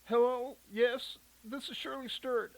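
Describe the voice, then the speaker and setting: A man voicing a sick, stressed, quick-tempered mother in a storybook reading, harried and coughing. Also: extremely high pitch, fairly even intonation, gravelly, pitched above the performer's own voice, exaggerated voice, rough recording. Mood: on the phone.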